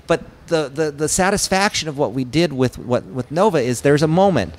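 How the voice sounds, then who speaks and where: Animated male director telling stories. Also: a little high, normal speed. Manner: animated storyteller who acts out character lines. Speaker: film director, podcast guest. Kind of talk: casual interview chat.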